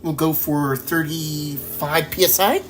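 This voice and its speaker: A woman's voice: deep voice, fairly even intonation, takes it slowly, soft background music. A woman hosting a casual miniature painting tutorial, laid-back and thinking aloud, with frequent chuckles. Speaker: miniature painting channel host.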